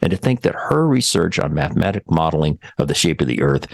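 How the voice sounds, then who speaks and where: A man hosting a tech talk show in casual chat, enthusiastic and exclaiming with big jumps in pitch. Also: very animated, fast, vocal fry, dry recording, clean studio sound. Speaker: radio show host.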